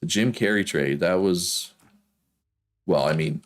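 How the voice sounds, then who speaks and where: Man, very low voice, Canadian East Coast accent, casual rambling game chat, laughs a lot. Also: a little slow. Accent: Prince Edward Island, Canadian East Coast. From Prince Edward Island, Canada. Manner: rambling, chatty, laughs often. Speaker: gaming streamer.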